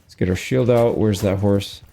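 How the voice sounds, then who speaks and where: A man's voice: on the low side, moderate pace, vocal fry, background noise. A man giving casual, wry running commentary while he plays a strategy game. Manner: relaxed, wry running commentary on his own play. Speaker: gameplay commentator. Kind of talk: casual let's-play commentary.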